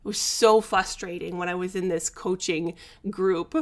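A woman life coach talking frankly in a vlog, emphatic and animated, with blunt slang and laughter between her points. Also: fairly low pitch, normal speed. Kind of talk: candid talking-head vlog.

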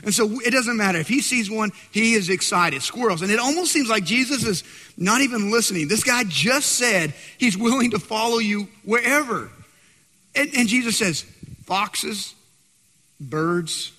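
A man preaching a sermon, dramatic and swinging from loud to hushed. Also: high voice, expressive, moderate pace, big-room sound. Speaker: pastor.

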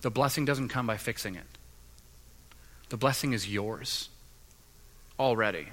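A man's voice: medium pitch, unhurried, a bit bright. A man preaching a sermon as pastor, with an earnest delivery that builds in intensity. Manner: earnest and building, with mimicked voices.

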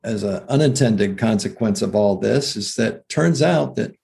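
A man with a gravelly, creaky edge and a somewhat low pitch talks through health ideas in a relaxed podcast conversation. He restarts his sentences often and tosses in "right?" as he explains. He comes across as a health practitioner co-hosting the show. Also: measured pace. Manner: explanatory, with frequent restarts and "right?" check-ins. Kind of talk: casual conversational podcast talk.

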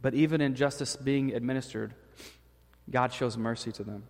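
A man's voice: mid-range voice, steady tone, normal speed, a little mellow. A man preaching a sermon in a loose, conversational way, often restarting phrases as he works through the text. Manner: conversational preaching with frequent restarts and dramatized paraphrases. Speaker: pastor. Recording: long hall reverb.

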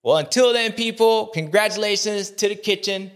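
A man's voice: sits high, moderate pace, hardly any pauses, a bit bright, soft background music. A man hosting a comedic racing recap, rambling playfully in slang.

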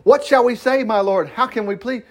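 A man's voice: very high-pitched, normal speed, pitched above the performer's own voice. A man reading the lines of a desperate older brother, earnest and imploring. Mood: pleading.

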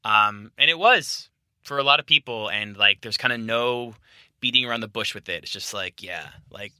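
A man in his thirties from the United States, co-hosting a podcast with his wife in a relaxed chat, full of fillers, laughing easily. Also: on the low side, normal speed, smooth, dry recording, studio quality. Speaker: podcast co-host. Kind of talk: casual chat.

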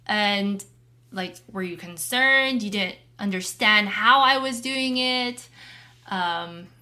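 A woman's voice: medium pitch, takes it slowly, pushed and bright. A young adult woman co-hosting a podcast, candid and open in casual chat. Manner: open, candid, laughs between thoughts. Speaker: podcast co-host.

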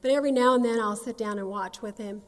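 A woman in her sixties tells her life story as a personal testimony, folksy and earnest. Her voice sits fairly high for a woman. It rings out with the long reverb of a large hall. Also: fast talker. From North Carolina, USA. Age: 60s. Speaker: speaker sharing her testimony.

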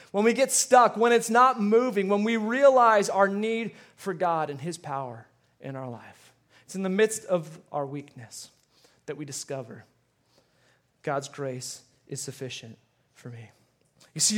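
High-voiced man preaching a sermon. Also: fairly bright tone. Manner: storytelling with repeated words and rising emphasis. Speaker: pastor.

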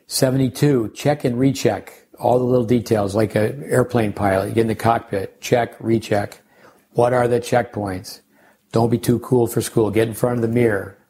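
A man's voice: on the low side, darkish tone, a little hiss or hum. An older man, a tennis coach hosting a podcast, talking casually and rambling through coaching lessons and side stories. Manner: rambling, anecdotal, with restarts and sidebars.

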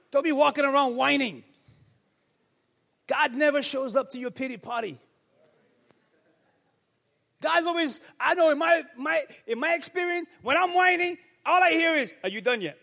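A man preaching a sermon as pastor, moving between quiet reflection and fervent shouted declarations. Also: very high voice, measured pace, creaky, pauses often, big-room sound. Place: church sanctuary.

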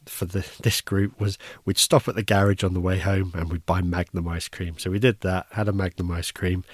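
A podcast host with a low voice shares a casual first-person story, relaxed and wry, often starting his sentences over. The recording is dry.

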